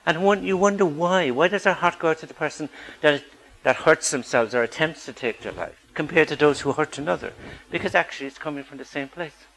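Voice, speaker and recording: A man with a somewhat high, slightly bright voice gives a public talk as a psychologist, speaking earnestly and posing rhetorical questions to the audience. The recording is rough.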